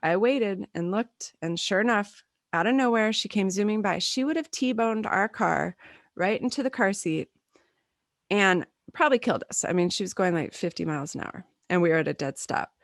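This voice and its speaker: A woman in her thirties, co-hosting a casual podcast chat, telling stories in a lively way and acting out what people said. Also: medium pitch, normal speed, dry recording, clean studio sound. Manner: animated storyteller, acts out quotes. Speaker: podcast co-host.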